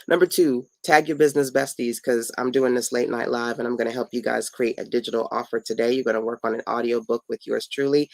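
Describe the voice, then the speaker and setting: A woman's voice: a bass voice, vocal fry, no echo, rough recording. A middle-aged woman, tired and playful, casually teaching viewers on a late-night home livestream. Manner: chatty and playful, talks to viewers and family mid-stream. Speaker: online business coach hosting a live stream.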